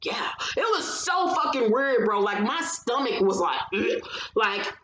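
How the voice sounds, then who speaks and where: A woman recapping a reality TV episode in casual chat, telling it with animated, profane storytelling and acting out what people said. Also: a little high, normal speed. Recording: roomy echo, faint background noise.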